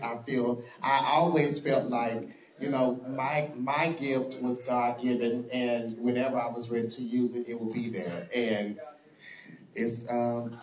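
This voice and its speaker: A man, a drag performer, chatting casually and laughing while answering fan questions on a live stream. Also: medium pitch. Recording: echoey, dull live-stream audio.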